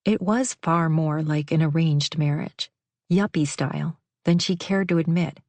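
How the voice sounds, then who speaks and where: A woman narrating a novel in a measured, even way on a close studio mic. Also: deep voice, no echo. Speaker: audiobook narrator. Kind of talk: scripted narration.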